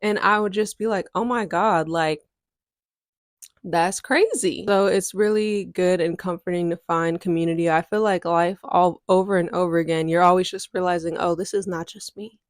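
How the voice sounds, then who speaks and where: A woman's voice: on the low side, flat delivery, fairly quick, few pauses, no echo, studio quality. A woman, chatting candidly to her viewers in a casual storytime vlog. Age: 20s. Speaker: content creator.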